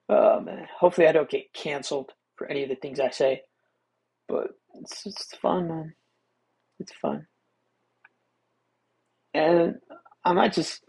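Young man, podcast host, solo casual monologue, laid-back rambling, husky. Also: a little high, a little mellow. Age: young adult. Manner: rambling, laid-back, many restarts and fillers.

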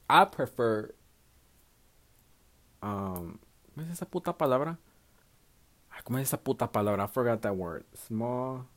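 A man's voice: medium pitch, gravelly. Profane rambling young man. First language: Spanish. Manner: profane, rambling, self-mocking, laughs a lot. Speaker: podcast host. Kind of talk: casual solo podcast monologue.

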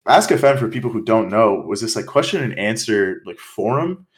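A young man from Canada co-hosting a podcast, telling stories in casual, animated chat with swearing. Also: on the low side, normal speed. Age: young adult. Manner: animated storytelling, swearing, quoting others. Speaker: podcast co-host.

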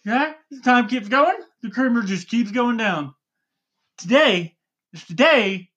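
Loud, excitable woman podcast host. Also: a little high, a little slow, breathy edge. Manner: loud, yells into the mic when excited. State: numb lips from cold sores. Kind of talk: casual podcast banter.

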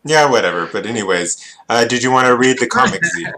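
A man's voice: medium pitch, sing-song, fast talker, a crowd in the background. Chill guy hosting a stream, teasing his guests, mid voice. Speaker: podcast host.

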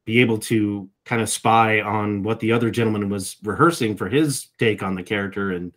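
Answering interview questions thoughtfully, a middle-aged voice actor talks at a moderate pace with a voice on the low side and a fairly bright tone. He frequently repeats words as a thought gets going.

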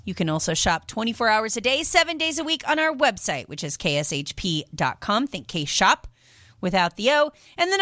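Bright, chatty woman radio host. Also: fairly high pitch, no echo, clean studio sound. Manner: chatty and rambling, with many fillers. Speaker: radio shopping show host. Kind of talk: casual radio chat between sales calls.

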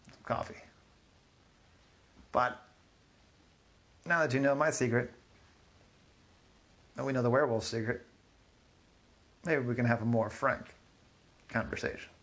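A man's voice: mid-range voice, measured pace, long pauses, a bit bright, lightly acted. A man voicing a bold, tough old witch woman, with a raised, spirited voice. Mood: friendly.

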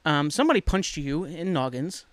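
A podcast host chatting casually and reminiscing in an easygoing, relaxed way. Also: mid-range voice, normal speed, no echo. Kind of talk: casual chat.

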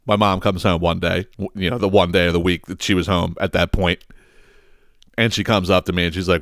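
Lowish, dry-voiced man telling stories. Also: brisk, no echo. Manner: profane, animated, laughs often; many fillers and restarts. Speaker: podcast host. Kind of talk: casual storytelling monologue.

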